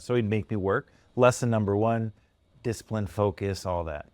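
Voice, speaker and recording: A man co-hosting a casual podcast and spinning animated stories with frequent laughter. His voice sits low. The close mic gives a dry sound. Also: normal speed, no room sound. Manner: animated storyteller, laughs often. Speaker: podcast co-host. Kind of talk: casual storytelling chat.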